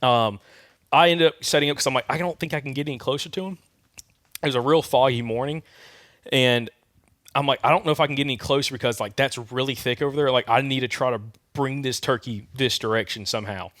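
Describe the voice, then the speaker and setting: A man with a Southern American accent tells a hunting story to his co-host, throwing in turkey call sounds as he talks. His voice sits at an ordinary pitch. The studio mic gives a dry, close sound. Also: fast, dry recording. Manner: animated storyteller, imitates turkey calls and sounds. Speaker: podcast co-host. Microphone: studio microphone.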